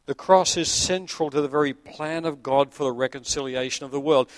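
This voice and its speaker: A man, a pastor delivering an earnest sermon that swells to emphatic peaks and sinks to quiet low points. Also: fairly quick, hardly any pauses, dry recording. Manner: earnest preaching, rising to emphatic peaks then dropping low.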